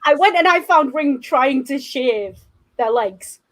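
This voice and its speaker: A woman with a high, light voice chats on a casual podcast. She is blunt and sweary and tells her stories with plenty of animation. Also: lively intonation, measured pace. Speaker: co-host.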